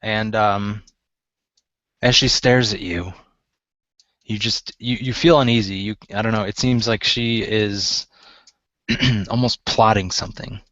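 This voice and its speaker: A man narrating as game master in a relaxed way, with many fillers. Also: on the low side, a little slow, long pauses, dry recording, highs cut off.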